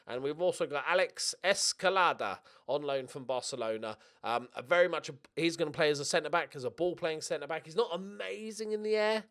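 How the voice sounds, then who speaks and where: A man's voice: fairly high pitch, a little fast, few pauses, fairly bright tone. A young man hosting a gaming channel, talking through his game in casual, jokey let's-play commentary and swearing now and then.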